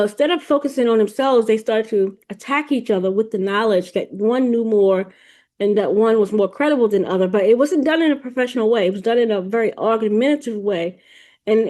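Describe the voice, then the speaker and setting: A woman's voice: medium pitch, a little mellow. A woman hosting a podcast, telling a spiritual vision in a rambling, casual way, often repeating words and restarting sentences. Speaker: podcast host. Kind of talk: casual spiritual storytelling monologue.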